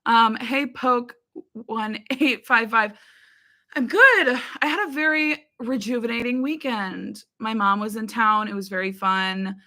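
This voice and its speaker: Bright, chatty young woman. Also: mid-range voice. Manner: chatty, rambling, many fillers and laughs. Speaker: YouTube reaction creator. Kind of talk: casual live chat with viewers.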